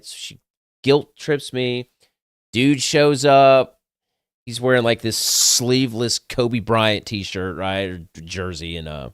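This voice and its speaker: A young man tells a story with candid, crude humor, swearing and laughing at himself. His voice sounds smooth and resonant and sits a little low. It is recorded close and dry, with no room echo. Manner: candid, crude, self-mocking, swears freely. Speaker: podcast host. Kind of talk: casual storytelling.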